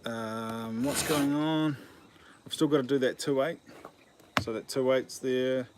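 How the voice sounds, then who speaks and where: Unhurried, with a mid-range voice and fairly even intonation, a New Zealand channel host jokes around as he works on his chainsaw outside. He mocks himself and drifts off topic, and the outdoor recording is noisy with filing and birdsong.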